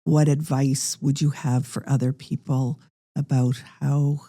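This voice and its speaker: A woman's voice: a bass voice, level tone, measured pace, dark tone, dry recording, studio quality. A woman co-hosting a podcast, supportive and a bit rambling as she asks questions. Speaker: podcast co-host. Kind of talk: conversational interview.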